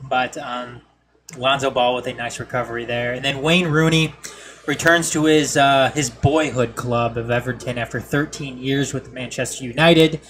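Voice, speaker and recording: A man's voice: mid-range voice, steady tone, moderate pace, fairly bright tone, slight background noise. A man with a nasal Midwestern accent hosting a casual sports podcast and reading headlines in a laid-back, self-mocking way. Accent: Midwestern American.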